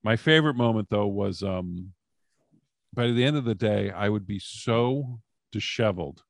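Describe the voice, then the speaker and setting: A man who is a comedian and former wrestling writer, telling animated backstage anecdotes in a casual podcast chat. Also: on the low side, moderate pace, gravelly, no room sound, studio quality. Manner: animated anecdotes, frequent fillers.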